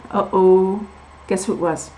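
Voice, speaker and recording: A woman's voice: medium pitch, fairly even intonation, unhurried, dark tone, slight background noise, low-quality recording. A woman telling her own story in a vlog, candid and emphatic, repeating words for stress and drifting onto tangents. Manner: candid and confiding. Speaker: vlogger sharing her medical experience.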